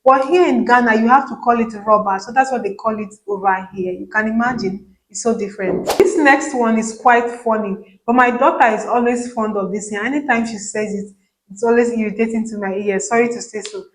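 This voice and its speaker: Nigerian woman, thirties, chatty vlogger, slightly high voice, roomy echo. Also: a little fast. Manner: animated, mixes in Nigerian Pidgin and acts out quoted voices. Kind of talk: casual chat.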